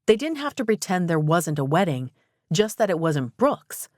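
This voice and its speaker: A woman narrating a romantic comedy audiobook in an even, measured storytelling manner. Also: on the low side, no room sound, clean studio sound. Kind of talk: scripted narration.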